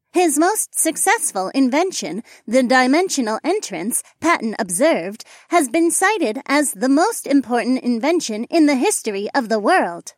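A man's voice: extremely high pitch, dry recording, clean studio sound, pitched above the performer's own voice, heavily acted. A man voicing a robotic female AI assistant in an audiobook, formal and obliging, reciting facts in full. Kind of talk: audiobook character voice.

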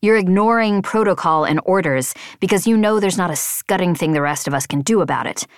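A woman's voice: fairly low pitch, a little fast, no echo, studio quality, lightly acted. A woman voicing a stern young male flight leader who speaks firmly and lectures. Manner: firm, lecturing.

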